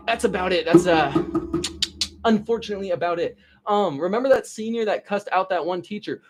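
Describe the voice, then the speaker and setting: A young man with a high, light voice chats on a livestream, swearing freely and drifting between stories and chat questions. He rambles, repeats himself, and lets his sentences trail off into low mumbles. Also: expressive, quick pace. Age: young adult. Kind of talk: casual livestream chat and storytelling.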